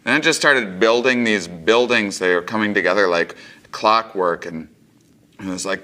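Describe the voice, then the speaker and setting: Lowish guy telling a trippy story standup style, bright punchy tone, big jumps up in pitch. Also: moderate pace. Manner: animated, theatrical retelling with sudden pitch leaps. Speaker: comedian.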